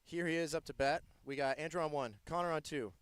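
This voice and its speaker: Playful, excitable American male sports commentator; somewhat high, smooth voice, dry close sound. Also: fast talker, no echo. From United States. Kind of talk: live play-by-play commentary.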